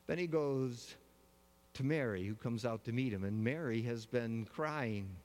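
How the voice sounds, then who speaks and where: Pastor preaching in a reverberant hall. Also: male voice, mid-range voice, a little mellow. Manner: measured storytelling with slow, weighty pauses. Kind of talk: sermon.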